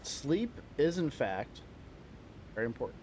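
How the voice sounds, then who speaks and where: A young male streamer talking through a game from his home setup. His voice sits at an ordinary middle pitch. He rambles, jokes at his own expense and swears constantly, with a faint hiss of noise behind him. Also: sing-song, measured pace, darkish tone. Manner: rambling, self-deprecating, profane. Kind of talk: casual live-stream chat while gaming.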